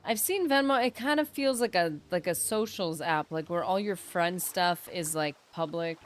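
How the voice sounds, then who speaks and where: Chatty woman streamer with a low-set voice. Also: moderate pace. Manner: chatty, rambling, self-deprecating, trails off and restarts. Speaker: game streamer. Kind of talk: casual livestream chat while gaming.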